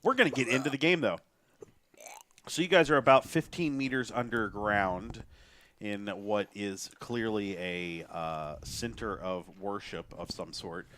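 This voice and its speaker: A man's voice: fairly low pitch, a little slow, a bit bright, a little hiss or hum. A man hosting a casual tabletop game podcast as game master, easygoing and teasing.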